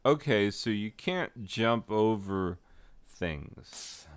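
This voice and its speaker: Deadpan male gamer, very low and unhurried, smooth clear voice. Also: dry recording. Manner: deadpan, goofy asides, mock rapping. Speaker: gaming video host. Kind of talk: rambling joking game commentary.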